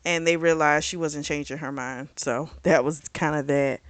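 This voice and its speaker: A woman reviewing a book in casual chat, retelling the plot in a chatty, animated way. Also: low-pitched, moderate pace, no room sound. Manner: chatty, animated retelling with acted quotes and laughs.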